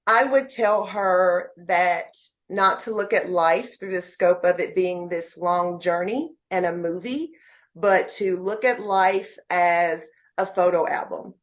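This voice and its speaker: On a podcast, a female guest speaks slowly in a fairly low voice. Her words are heartfelt and motivational, aimed straight at the listeners.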